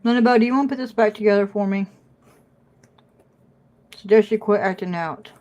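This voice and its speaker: A woman's voice: mid-range voice, fairly quick, a little mellow, lo-fi sound. Chatty woman streaming from home. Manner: chatty, scolds her dog between remarks to viewers. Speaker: puzzle live streamer. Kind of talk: casual livestream chat. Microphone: phone.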